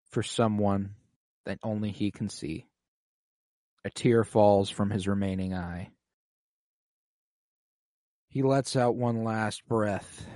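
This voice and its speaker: A man's voice: lowish voice, a little mellow, dry recording. Man recapping a TV episode, dry sound. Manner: emotional, swears casually, says "like" often. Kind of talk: casual TV recap chat.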